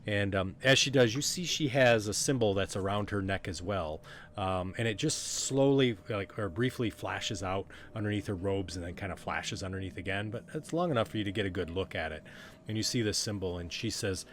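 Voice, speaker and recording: A man with a low voice runs a tabletop game as game master. His narration is loose and rambling, full of fillers and restarts. A faint hiss sits under the recording. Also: brisk, a bit bright.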